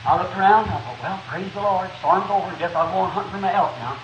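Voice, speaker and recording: A man preaching a revival sermon, telling a story in a fervent, folksy way that rises to shouts, recorded on an old 1960s tape in a meeting hall. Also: high-pitched, quick pace, muffled recording, background noise.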